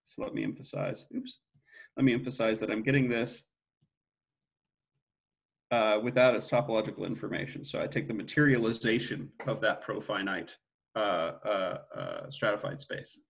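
A man's voice: on the low side, lively intonation, normal speed, creaky, a bit bright. A middle-aged man giving an academic mathematics lecture, thinking aloud with frequent restarts and self-corrections.

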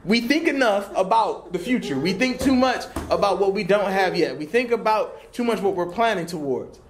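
A young man in his twenties teaching a church class, conversational and animated, slipping into casual slang. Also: sits high, normal speed, slight background noise. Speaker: Bible teacher.

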